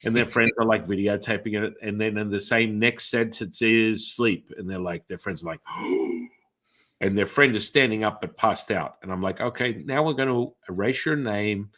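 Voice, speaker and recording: A man's voice: lowish voice, moderate pace. A middle-aged man hosting an interview, telling stories at length, rambling with fillers and restarts and acting out other people's reactions. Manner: animated, acts out other people's reactions in shifted voices. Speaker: podcast host and energy healer. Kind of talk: conversational storytelling in an interview.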